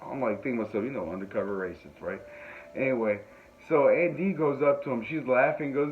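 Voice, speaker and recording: A man's voice: mid-range voice, fairly quick, music in the background. A man hosting a podcast, telling a rambling comic story with frequent laughs and self-mocking asides. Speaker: podcast host. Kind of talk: comedic storytelling. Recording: phone-like tinny audio, faint noise.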